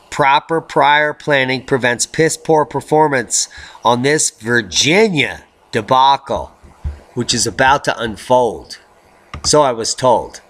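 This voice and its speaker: Middle-aged male vlog host; unhurried, slow delivery, bright voice, rhyming quips. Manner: jokey, rhyming asides, theatrical swings into high baby talk. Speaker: video blogger host. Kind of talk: rambling weather commentary vlog.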